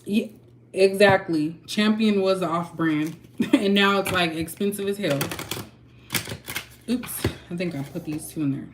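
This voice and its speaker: A woman with a slightly low-pitched voice rants candidly to her channel's viewers, speaking frankly and with heat. She is a tarot reader who hosts her own channel, and she clears her throat often as she talks. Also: unhurried, pauses often, a little hiss or hum. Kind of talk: candid ranting vlog.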